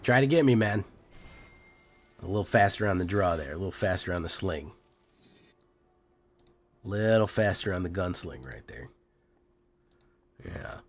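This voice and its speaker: Hoarse, deep-voiced male streamer. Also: expressive, measured pace, pauses often, a little hiss or hum. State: hoarse from being sick. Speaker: game streamer. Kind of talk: casual gameplay commentary.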